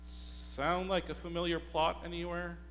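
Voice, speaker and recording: A male pastor preaching a sermon, telling the story slowly and deliberately and putting rhetorical questions to the congregation. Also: on the high side, little pitch movement, fairly bright tone. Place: church sanctuary. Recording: hall reverb with faint mains hum.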